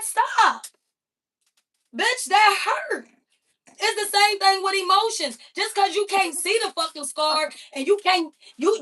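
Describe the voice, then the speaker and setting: A woman with a high voice holds forth on her livestream in a loose, profane, animated rant. She sits a step away from the microphone, so her voice comes across slightly distant. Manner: emphatic, heavily profane, animated storytelling. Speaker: livestream host. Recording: voice a bit far from the mic.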